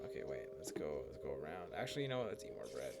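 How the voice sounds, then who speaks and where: A man's voice: extremely low pitch, very animated, very fast. Rambling, swearing young man over game music. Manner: rambling, profane, many "like" fillers. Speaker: gaming streamer. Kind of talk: casual gameplay commentary. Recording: music playing behind.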